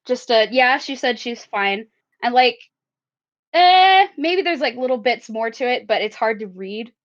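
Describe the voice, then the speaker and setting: A giggly, animated woman describes her character's actions as a player in a tabletop role-playing game. Her voice is fairly high, and the recording sounds a little dull and lo-fi. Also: unhurried. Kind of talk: tabletop role-play narration.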